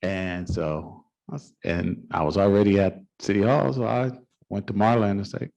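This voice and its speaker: A man's voice: on the low side, steady tone, moderate pace, creaky, a little mellow, dull audio. A middle-aged man, a city council member, telling a folksy, informal story at a council meeting. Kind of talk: anecdotal storytelling at a public meeting.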